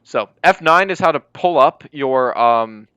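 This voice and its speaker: A man's voice: medium pitch, animated, unhurried, pushed and bright, clean tone, no room sound. A young man casually walking viewers through a roleplay game server, rambling with lots of fillers and apologies. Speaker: roleplay server police department leader. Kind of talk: casual gameplay walkthrough. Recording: dry, slightly dull lo-fi mic.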